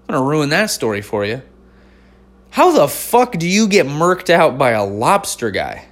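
A man in his forties hosts a podcast in a loose, profane way, full of slang and "dude". He tells his stories like casual chat, with plenty of swearing. His voice sits at an ordinary middle pitch. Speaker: podcast host.

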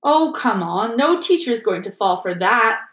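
A woman's voice: fairly high pitch, lively intonation, unhurried, a bit bright. A woman voicing a grumpy, sarcastic teenage schoolboy, in an echoey room. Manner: sarcastic, irritable.

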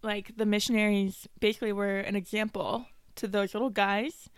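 A woman's voice: medium pitch, flat delivery, moderate pace, smooth, no room sound. A young woman co-hosting a podcast, telling a story in casual chat, acting out quotes and laughing often. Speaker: podcast co-host.

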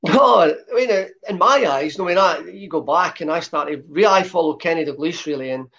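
Speaking with a softened Glasgow accent, this fifty-something former footballer from Scotland spins chatty stories as a relaxed interview guest, peppering them with lots of "uh"s. He has a fairly high pitch with vocal fry and keeps a moderate pace, captured on dull lo-fi audio.

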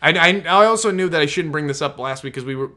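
Rambling, higher-pitched male podcaster. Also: animated, fast talker, bright, forceful tone. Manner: rambling, self-interrupting, swears casually. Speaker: podcast co-host. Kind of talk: casual chat.

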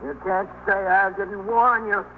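A man's voice: sits high, fairly even intonation, a little slow. An actor playing an unstable, paranoid man barricaded with a gun, ranting and threatening in 1950s radio drama style. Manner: agitated, repetitive, swings between threats and self-pity. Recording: tinny old radio broadcast with faint hiss.

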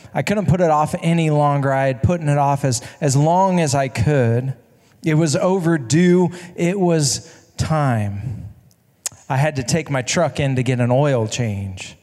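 A man's voice: a little high, darkish tone. A man telling a story from the pulpit in a chatty, conversational way, often restarting his sentences and tossing in asides to the listeners. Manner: conversational, self-correcting, rhetorical asides. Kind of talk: storytelling sermon. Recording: long reverb of a large hall.

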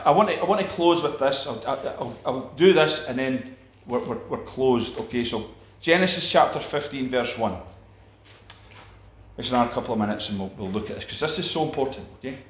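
A man's voice: medium pitch, moderate pace, reverberant. A man preaching a sermon, emphatic, with repeated phrases and restarts.

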